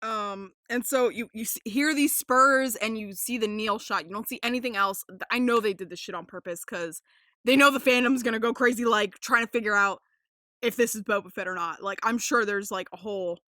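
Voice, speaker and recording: A young woman hosting a casual podcast, rambling with lots of fillers, swearing freely and getting excited. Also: on the high side, fairly quick, no echo, clean studio sound. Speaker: podcast host.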